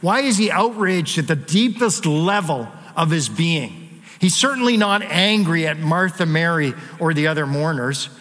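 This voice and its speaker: A man's voice: fairly high pitch, moderate pace. Man preaching in an echoing hall. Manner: animated preaching with rising emphasis and light jokes. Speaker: pastor. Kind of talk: sermon.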